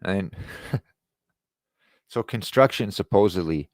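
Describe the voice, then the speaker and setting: A man's voice: deep voice, animated, slow pace, dry recording, studio quality. A man hosting an online show, ranting in a sarcastic, profane way. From Quebec. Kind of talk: ranting commentary.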